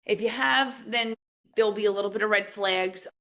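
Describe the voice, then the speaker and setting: A middle-aged woman from New Jersey, a podcast guest talking casually, animated and emphatic as she tells stories. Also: medium pitch, normal speed. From New Jersey, USA. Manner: animated storyteller, lively emphatic outbursts. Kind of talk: casual conversational interview.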